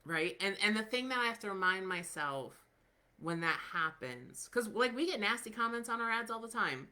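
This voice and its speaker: A woman in her thirties talks to her listeners in a loose, chatty way, full of "um" and "like" and quick restarts. Her voice is bright and sits at an ordinary middle pitch, and she keeps an encouraging, candid tone as she hosts her podcast. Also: expressive. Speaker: podcast host. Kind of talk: casual podcast chat.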